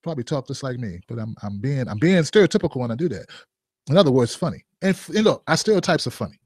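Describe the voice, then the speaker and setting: A man's voice: mid-range voice, lively intonation, quick pace, no room sound, clean studio sound. A man hosting a commentary show, joking and firing rhetorical questions and asides at his viewers. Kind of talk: opinion commentary vlog.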